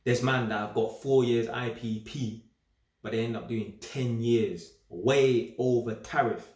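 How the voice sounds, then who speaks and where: A young man giving a casual, straight-talking monologue in streetwise slang, animated and emphatic and often repeating himself. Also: medium pitch, measured pace. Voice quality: streetwise slang-heavy talk. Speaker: vlogger. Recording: roomy echo.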